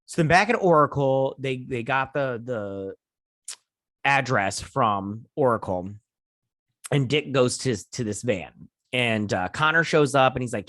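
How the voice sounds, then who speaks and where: A man's voice: mid-range voice, moderate pace, a bit bright, no echo, studio quality. A man hosting his own channel, giving a casual, rambling recap and review of a TV episode. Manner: rambling, chatty, lots of "he's all like" retelling. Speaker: TV show reviewer and channel host.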